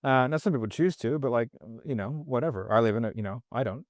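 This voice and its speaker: A sales trainer on a casual podcast speaks fast in a medium-pitched voice, captured at studio quality without echo. His talk rambles, bluntly and profanely, packed with filler words and especially "like."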